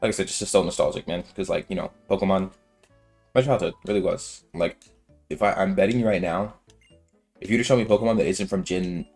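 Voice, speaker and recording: He speaks low and fast with a slightly mellow quality, soft music playing in the background. This twenty-something let's-play gamer rambles through casual, slang-filled gameplay commentary packed with filler words.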